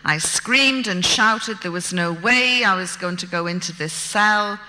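A woman's voice: mid-range voice, unhurried, bright, forceful tone. A woman, telling a dramatic true story from her own life in a vivid, wry, self-mocking way. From Britain. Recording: long hall reverb.

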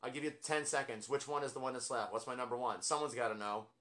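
A man's voice: medium pitch, fast, fairly bright tone. A man casually ranking albums from his record collection, rambling and self-deprecating with lots of fillers. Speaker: music collector vlogger.

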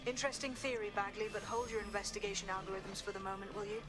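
A woman's voice: mid-range voice, little pitch movement, fast talker, natural voice. A woman voicing a determined resistance leader in a video game, firm and pressing. Her lines push the team onward, with music under her voice. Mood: urgent. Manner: urgent, firm, swears.

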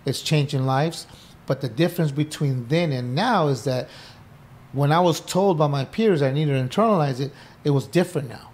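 A middle-aged male podcast guest, speaking at normal speed in a slightly high voice, tells his story in a casual interview in an indoor podcast room. Animated, he acts out old exchanges in quoted dialogue and swears freely.

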